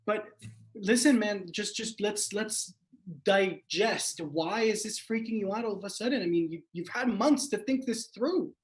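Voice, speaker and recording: An improv performer playing an easygoing young man who stammers while calming a friend. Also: mid-range voice, measured pace, close to an everyday voice. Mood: soothing. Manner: soothing, stammering, chummy. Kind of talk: improvised comedy scene.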